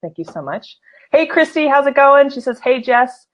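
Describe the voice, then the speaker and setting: A woman's voice: high-pitched, big pitch swings, normal speed. A woman hosting a casual live-stream talk show, laughing often and reading out viewer comments. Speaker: host.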